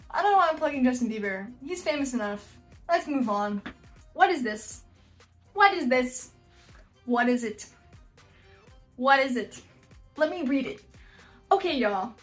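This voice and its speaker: A woman's voice: high-pitched, lively intonation, unhurried, pauses often, faint music behind. A woman hosting a casual reaction video, blunt and joking, with frequent exclamations. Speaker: YouTube host reacting to house listings.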